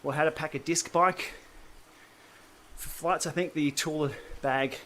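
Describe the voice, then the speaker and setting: A man's voice: on the high side, steady tone, a little slow, pushed and bright, a little hiss or hum. An Australian man hosting a casual cycling livestream, chatting and answering viewer comments while he pedals on an indoor trainer. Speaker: cycling channel host.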